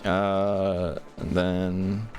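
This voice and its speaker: A man giving casual play-by-play commentary on a monster-raising game tournament, chatting quickly and answering questions from chat. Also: low-pitched, monotone, darkish tone, soft background music.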